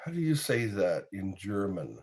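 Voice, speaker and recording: A man's voice: low-pitched, big pitch swings, normal speed, a little mellow. A middle-aged man, chatting casually and rambling between topics. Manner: rambling, sings snippets and quotes in goofy voices. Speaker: streamer chatting with viewers. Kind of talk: casual chat.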